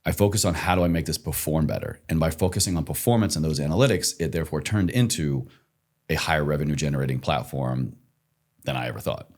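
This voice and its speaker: A young man hosting a podcast interview, reflective and measured as he shares advice. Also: extremely low pitch, a little mellow. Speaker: podcast host. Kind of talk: casual interview chat.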